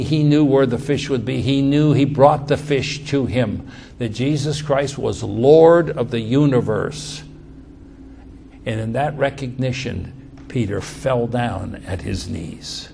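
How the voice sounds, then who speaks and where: A man's voice: mid-range voice, vocal fry, a little mellow, slight background noise. A man preaching a verse-by-verse sermon in a conversational way, often repeating words as he explains.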